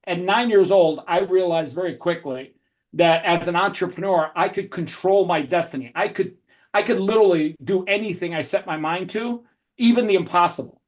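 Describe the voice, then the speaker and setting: A man with a fairly high-pitched voice tells lively entrepreneurial stories as a podcast guest. He talks with restless energy and often restarts his phrases. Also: normal speed. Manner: energetic, animated storyteller with frequent restarts. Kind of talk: storytelling podcast interview.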